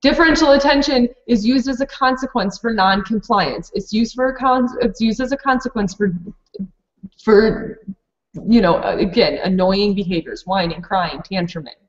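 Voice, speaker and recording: A woman's voice: medium pitch, moderate pace, echoey room, lo-fi sound. A woman who runs a preschool program, presenting a live online training for teachers in a practical, explanatory way with many fillers and restarts.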